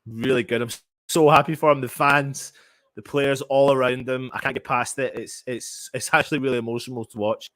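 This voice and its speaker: A young man giving excitable, emotional fan play-by-play during a live match watchalong. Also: medium pitch, a little fast, dry recording. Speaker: fan commentator.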